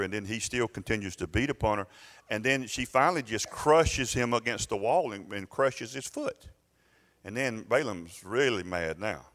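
Animated preacher in a reverberant church. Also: male voice, mid-range voice. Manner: animated storytelling, acting out voices. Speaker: pastor. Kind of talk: sermon. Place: church sanctuary. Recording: long reverb in a church hall.

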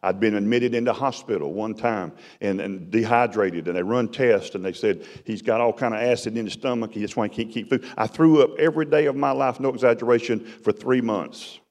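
Preacher guy telling his story, lowish voice, big echoey church hall. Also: fairly quick, hardly any pauses. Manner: dramatic storytelling, swings from loud to hushed. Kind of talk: sermon testimony. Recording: long hall reverb.

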